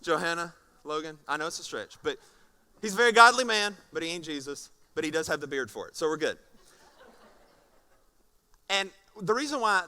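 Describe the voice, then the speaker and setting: A man preaching a sermon as pastor, animated and often repeating words. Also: a little high.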